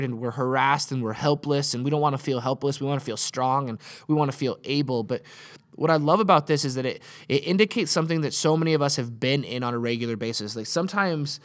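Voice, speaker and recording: A man's voice: fairly high pitch, fairly bright tone. Earnest young man preaching a sermon. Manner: earnest, often restarts and repeats words. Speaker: pastor. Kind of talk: conversational sermon.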